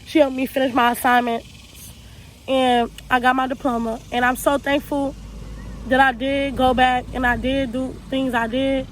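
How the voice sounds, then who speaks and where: High-voiced young woman, earnest storytime. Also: little pitch movement, normal speed, a little hiss or hum, poor audio. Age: young adult. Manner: earnest, raw, repeats herself, loose casual speech. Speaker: vlogger telling her life story. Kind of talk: personal storytime monologue.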